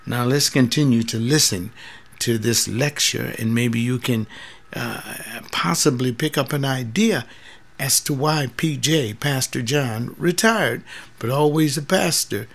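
Slow, gravelly older man. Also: medium pitch. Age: 70s. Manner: measured, reminiscing, plainspoken. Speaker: retired pastor and radio host. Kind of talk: reflective radio talk. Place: studio.

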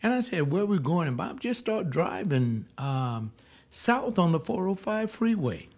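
A man's voice: high-pitched, very animated, unhurried, a little mellow. An older man, a pastor, telling personal stories in a rambling, digressive monologue with frequent restarts.

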